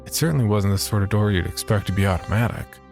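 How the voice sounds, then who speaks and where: A man narrating a first-person horror story in a measured, steady voice. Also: fairly low pitch, faint music behind.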